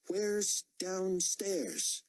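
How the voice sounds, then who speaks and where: A male audiobook narrator voicing a determined young woman undercover, asking calm, probing questions. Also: high-pitched, very slow, voice pushed up, heavily acted.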